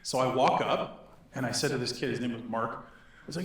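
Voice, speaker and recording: A middle-aged man from Northern Alberta telling a story to an audience, animated and laughing as he acts out the voices in it. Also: medium pitch, fairly quick. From Northern Alberta, Canada. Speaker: speaker. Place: synagogue hall. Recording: echoey hall.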